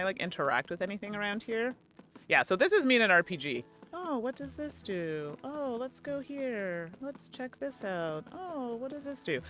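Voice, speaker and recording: A woman's voice: fairly low pitch, a bit bright. A woman hosting a live gameplay stream, chatting to her viewers and laughing often. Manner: chatty, giggly, talks to chat. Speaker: streamer host.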